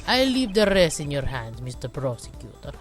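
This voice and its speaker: A woman voicing a calm, polite male killer in a fan dub of a game, speaking in a measured, courteous way. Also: low-pitched, soft background music, pitched below the performer's own voice. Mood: coolly polite.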